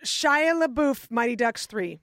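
A woman from Russia, a comedian on a panel show, tossing in wry, deadpan quips. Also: on the high side, unhurried, no room sound, clean studio sound.

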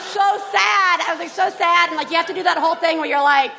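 A woman's voice: very high-pitched, fast, gravelly, crowd noise, background noise. A woman co-hosting a live comedy podcast on stage, brash and profane, mock-scolding her co-host. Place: live stage before an audience.

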